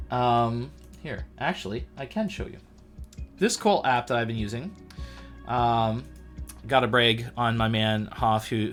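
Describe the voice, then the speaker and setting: A man chats casually to his livestream audience in a playful, self-mocking way. His voice sits at an ordinary middle pitch. Soft music plays faintly in the background. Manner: chatty and playful, with self-deprecating asides. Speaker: livestream host.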